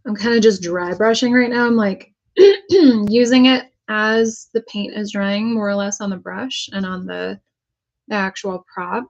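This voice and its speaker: A woman from the United States chats away while she paints, thinking aloud and cracking little jokes. Her voice sits at an ordinary middle pitch. The recording sounds slightly dull and lo-fi. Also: a little slow. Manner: chatty, self-talking while working, jokey asides. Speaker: prop painter. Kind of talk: casual crafting vlog talk.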